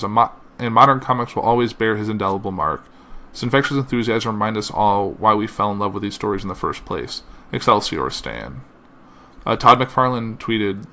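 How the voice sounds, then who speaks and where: This podcast host is a man with a fairly low, slightly bright voice. He reads a tribute and several quoted messages aloud slowly, making slips and using "uh" fillers.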